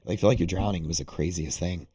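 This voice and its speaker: Casual streamer host, young man, very deep voice, loose rambling storyteller. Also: fast talker, husky. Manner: rambling, animated, heavy use of "like". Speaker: day-trading livestream host. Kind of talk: casual storytelling to a live audience.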